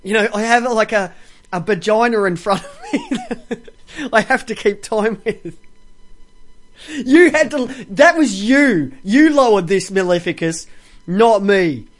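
A man's voice: sits high, expressive, unhurried. A man hosting an online radio show in casual on-air banter, swearing, teasing and laughing often.

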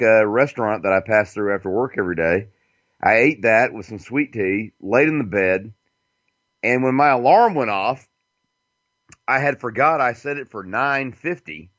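A man's voice: mid-range voice, a bit bright, no room sound, muffled recording. A man hosting a casual internet radio show, rambling and profane, with frequent fillers and chuckles.

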